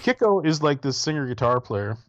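A man chats on a podcast, rambling loosely and joking with his co-host. His voice sits at an ordinary pitch and comes through dry and close. The sound is a bit dull and lo-fi. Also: very animated, fairly quick, no echo. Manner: rambling, jokey, swears casually. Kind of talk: casual chat.

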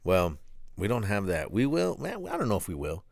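A man's voice: fairly low pitch, wildly swooping pitch, moderate pace, vocal fry, no echo, studio quality. A man co-hosting a casual podcast who swears often and acts out lines from videos he likes. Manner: laid-back, swears often, mimics voices from videos. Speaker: podcast co-host. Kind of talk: casual chat.

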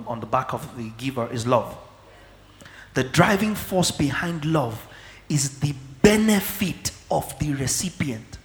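Male preacher, deliberate teaching pace, recorded with long hall reverb. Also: mid-range voice. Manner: slow, emphatic teaching with frequent checks for understanding. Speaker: pastor. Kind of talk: sermon.

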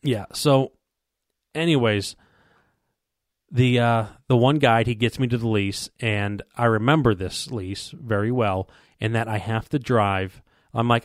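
Rambling low-voiced man telling a story. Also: steady tone, measured pace, no room sound, clean studio sound. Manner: rambling, repeats words, quotes people in dialogue. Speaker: podcast co-host telling a hunting story. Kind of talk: casual storytelling chat.

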